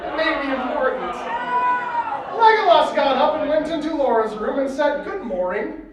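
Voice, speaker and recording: A man's voice: very high voice, lively intonation, normal speed, very noisy. Giggly man mock-reading to a crowd. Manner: mocking dramatic readings, giggles often. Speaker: comedy panel host. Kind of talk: reading bad fanfiction aloud to a crowd. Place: convention panel room with audience. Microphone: distant mic in a hall. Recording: echoey hall, far from mic, crowd audible.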